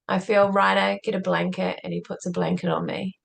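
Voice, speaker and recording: Woman with a gravelly, creaky voice. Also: fairly low pitch, little pitch movement, fairly quick, few pauses. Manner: earnest, reflective, often says "like". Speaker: podcast guest. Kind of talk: conversational interview storytelling.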